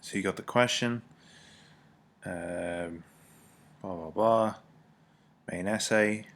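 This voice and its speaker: Deep-voiced man talking through a lesson. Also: slow pace, fairly bright tone. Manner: informal, self-correcting, apologetic asides. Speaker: teacher. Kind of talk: recorded lesson walkthrough.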